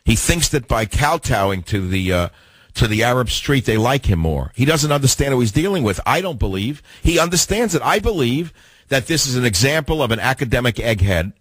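A man's voice: mid-range voice, lively intonation, a little fast, breathy edge, dry recording. An older man hosting a talk radio show, delivering an opinionated, combative monologue with rhetorical questions. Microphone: studio mic.

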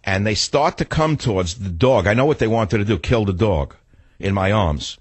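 Blunt new guy ranting through a story, husky voice, dry close sound. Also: lowish voice, animated, moderate pace, dry recording. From New York. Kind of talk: opinionated storytelling monologue.

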